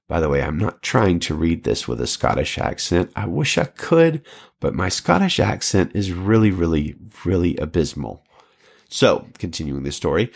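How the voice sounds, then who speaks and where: A man delivering a teaching sermon, his low voice rising and falling in a lively way. He reads quoted stories aloud with earnest expression, as a pastor does. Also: moderate pace, gravelly, husky.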